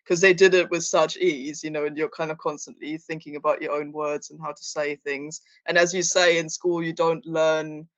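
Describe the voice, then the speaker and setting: Flat-voiced woman host. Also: low voice, no echo. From East Germany. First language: German. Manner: measured, explanatory questioning with many fillers. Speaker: podcast host. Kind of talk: interview questions. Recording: dry, slightly lo-fi podcast audio.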